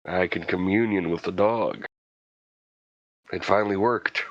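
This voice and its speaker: Low-voiced man playing a tabletop game. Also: measured pace, long pauses, no room sound. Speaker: player. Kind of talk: in-character tabletop play.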